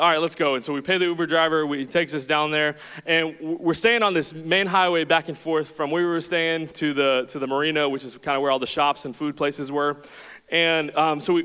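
A young man preaching to a congregation, telling a rambling, self-deprecating story in a chatty, animated way. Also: on the high side, clear, resonant tone. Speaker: pastor. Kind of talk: sermon with storytelling. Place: church hall with audience. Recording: reverberant hall.

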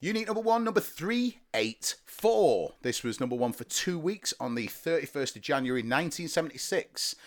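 A man's voice: on the high side, animated, normal speed, hardly any pauses. A man hosting a comedic music podcast, chatting playfully and reading out song facts. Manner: playful, giggly, reads out facts. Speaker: podcast host. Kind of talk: casual comedy chat.

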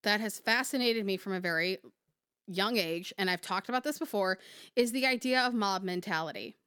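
A woman's voice: medium pitch, normal speed, a bit bright, clear, resonant tone, dry recording, studio quality. A woman co-hosting a casual podcast, emphatic and passionate, swearing freely. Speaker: podcast co-host.

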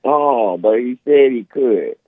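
A man's voice: medium pitch, lively intonation, slow pace, no echo. A man from California calling into a talk show, arguing his point in a casual, blunt way. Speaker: caller. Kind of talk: call-in conversation. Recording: tinny phone line.

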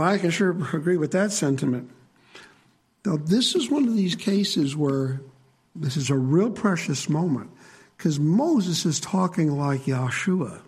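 A man delivers a sermon with a slightly husky voice that sits a little high for a man. He talks to the congregation in a conversational way and stops to ask them questions. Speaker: preacher.

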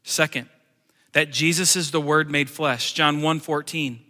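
A man preaching a sermon as pastor to his church, animated and swinging between loud emphasis and quiet joking asides. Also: a little high, unhurried. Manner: joking asides in plain everyday speech. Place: church sanctuary. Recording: long church hall reverb.

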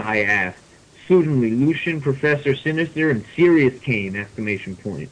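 A man's voice: medium pitch, normal speed, low-quality recording. A man with a mid-range voice reads a story aloud on a comedy podcast. He plays the lines straight, then cracks up and laughs through them. It sounds like podcast audio with a radio-like tone. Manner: reads deadpan, breaking into laughter. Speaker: podcast host. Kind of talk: comedic dramatic reading.

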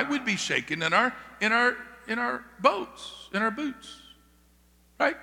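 Male pastor, high and bright, emphatic sermon delivery, big reverberant church. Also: big pitch swings, a little slow, creaky. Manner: emphatic preaching with calls of "Amen?" to the congregation. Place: church sanctuary. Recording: long reverb of a large hall.

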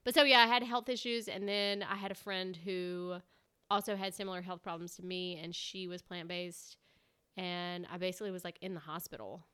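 A woman's voice: lowish voice, steady tone, normal speed, sharp tone, clean tone. A young woman hosting a podcast, chatting casually with lots of fillers and laughs. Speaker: podcast host. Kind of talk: casual chat.

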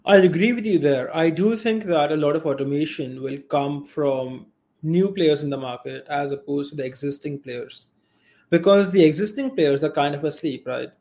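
A man's voice: fairly high pitch, normal speed, a little mellow. A man co-hosting a podcast, laying out his argument step by step with worked examples. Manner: methodical, explains step by step with examples. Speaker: podcast co-host. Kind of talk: casual podcast debate.

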